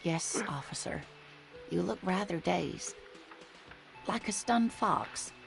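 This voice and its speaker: An actress voicing a chatty, kindly older married woman in a video game, speaking gently and teasing a little. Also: on the low side, animated, takes it slowly, faint music behind, full character voice. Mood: gentle. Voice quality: gravelly, creaky.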